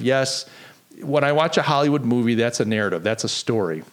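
A man's voice: medium pitch, animated, a little fast. Guy rambling earnestly on his podcast, voice jumps up and down a lot. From United States. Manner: conversational, earnest, many restarts. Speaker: podcast host. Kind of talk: solo podcast monologue.

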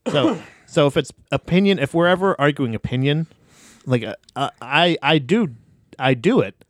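A man's voice: fairly high pitch, animated, normal speed, no echo, clean studio sound. A man co-hosting a podcast in casual chat, joking, swearing and laughing often. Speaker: podcast co-host.

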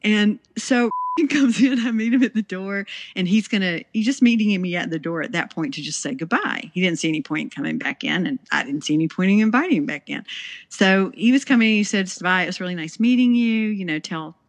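A middle-aged woman telling a family story in a casual interview, acting out the dialogue with lively laughter. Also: medium pitch, a little fast, no echo. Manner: animated, acts out quoted dialogue, laughs often. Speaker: interview guest. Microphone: handheld recorder.

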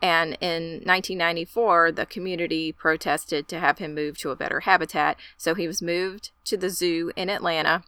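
A woman's voice: fairly low pitch, steady tone, normal speed, few pauses, pushed and bright, smooth, no echo. A woman co-hosting a casual chat, talking in a chatty, enthusiastic way. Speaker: podcast co-host.

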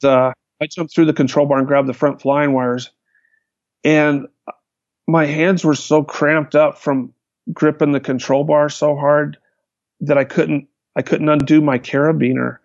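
A man, a hang glider pilot, recounting his flights in a lively storytelling manner. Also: fairly high pitch, a little slow, no room sound. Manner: animated, vivid retelling with restarts. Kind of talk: storytelling in a conversation. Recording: dull, lo-fi, dry sound.

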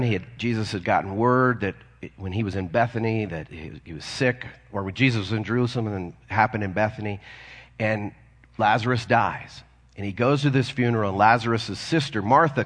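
A man's voice: on the low side, husky. A man preaching a sermon as a pastor, earnest and conversational, asking his listeners questions as he goes. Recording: long reverb of a large hall.

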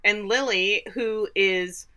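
A woman's voice: medium pitch, slow pace, sharp tone, smooth. A woman co-hosting a podcast, casually recapping a TV episode with sarcastic, incredulous asides. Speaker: podcast co-host.

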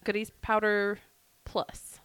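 A woman's voice: mid-range voice, monotone, takes it slowly, fairly bright tone, clear, resonant tone, no room sound. A woman, co-hosting a podcast and telling a wild story in a jokey, laughing way. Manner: laughing, jokey retelling with quoted voices. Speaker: podcast co-host. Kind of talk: casual storytelling chat.

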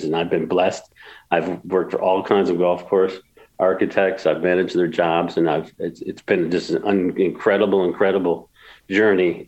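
Deep-voiced older man, rambling storyteller. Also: a little mellow, lo-fi sound. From upstate New York. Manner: rambling, emotional, many restarts and repeats. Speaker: golf course builder, guest. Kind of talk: storytelling interview.

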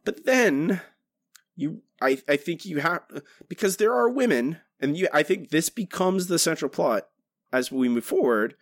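A man's voice: fairly high pitch, measured pace, no room sound, studio quality. A man co-hosting a podcast, talking casually and rambling with frequent restarts. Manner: rambling, many restarts, animated. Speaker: podcast co-host.

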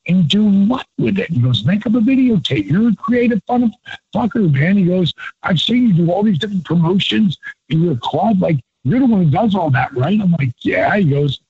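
Gravelly-voiced man telling stories animatedly. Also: a little high, no echo. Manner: animated, acts out quotes with voice shifts; loose and profane. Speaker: interview guest. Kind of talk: casual storytelling. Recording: dull lo-fi, dry.

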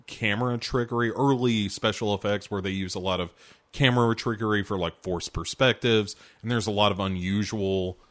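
Low-voiced man chatting loosely about films. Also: moderate pace. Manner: rambling, relaxed, many fillers. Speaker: podcast host reviewing films. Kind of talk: casual chat.

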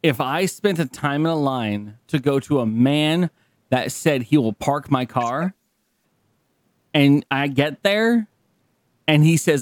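A man co-hosting a casual podcast, ranting in exasperation and tripping over repeated words. His voice sits fairly high and swings widely, with a dry, close sound. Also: expressive, takes it slowly, no echo. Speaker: podcast co-host. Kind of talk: casual chat.

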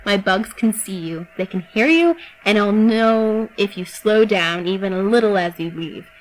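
A woman voicing a cold young woman who commands insects, delivering threats in a calm, level voice. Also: medium pitch, measured pace, lightly acted, poor audio. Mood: menacing.

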